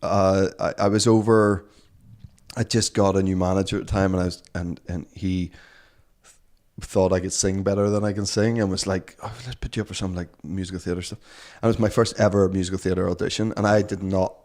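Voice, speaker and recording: A man's voice: deep voice, level tone, a little fast, darkish tone. A man in his forties with a Northern Irish accent, a guest telling rambling, self-deprecating stories in a casual interview. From Northern Ireland.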